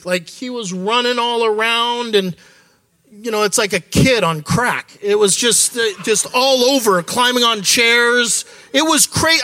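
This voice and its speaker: A man's voice: sits high, sharp tone, no room sound. A middle-aged man giving a candid, conversational sermon as an associate church leader. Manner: candid, conversational preaching with quoted asides.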